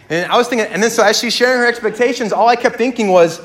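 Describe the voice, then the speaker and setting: A man in his thirties preaching a sermon, telling stories with lively acted-out dialogue that swings his voice up and down. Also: quick pace. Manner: animated storyteller, acts out dialogue with big pitch jumps. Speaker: pastor.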